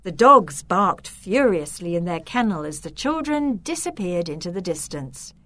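A woman narrating a children's story in a measured, expressive way. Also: on the low side, dry recording.

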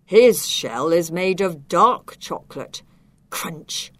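A greedy goat inspector from a children's storybook, as a woman reads him. He weighs every word slowly and pompously. The sound is dry and up close. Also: on the low side, animated, a bit bright, no echo, exaggerated voice. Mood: deliberate. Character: greedy male goat inspector, jury president. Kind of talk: storybook character voice.

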